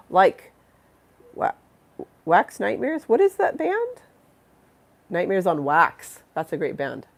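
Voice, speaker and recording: A woman's voice: mid-range voice, huge pitch swings, slow, gravelly, long pauses. A congested woman hosting a live stream, rambling and giggly as she chats with viewers and reads the chat aloud. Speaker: livestream host.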